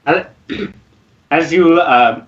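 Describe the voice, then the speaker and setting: A man's voice: fairly high pitch, drawn-out words, a bit bright. A man narrating as dungeon master of an online tabletop game, describing scenes with frequent restarts. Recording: muffled voice-chat audio.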